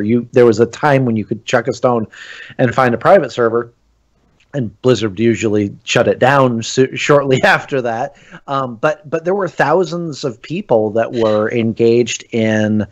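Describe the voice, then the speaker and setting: A man co-hosting a gaming podcast in casual chat, rambling with lots of restarts and fillers. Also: medium pitch. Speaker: podcast co-host.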